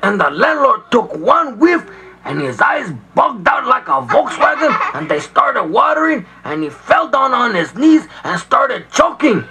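A man's voice: very high voice, very animated, measured pace, sharp tone, low-quality recording. A man telling a comic children's story on a comedy record, in a loose, playful way that keeps jumping into voices. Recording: vinyl record with faint noise.

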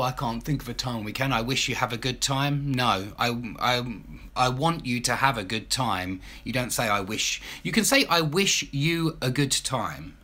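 A man with an Estuary English accent from Essex answers viewers' questions as an English teacher. His voice is bright and forward, and he talks loosely, with frequent ums and restarts. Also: medium pitch. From Southend, Essex, England. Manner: casual, chatty, many ums and restarts. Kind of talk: live Q&A stream.

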